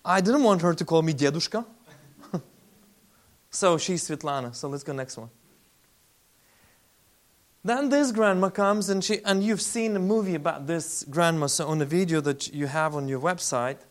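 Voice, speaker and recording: A man, a faith-based relief leader giving a lively testimony talk with slides and acting out the people he quotes. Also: fairly high pitch, moderate pace, pauses often. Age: 40s. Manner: animated storyteller, acts out quoted voices.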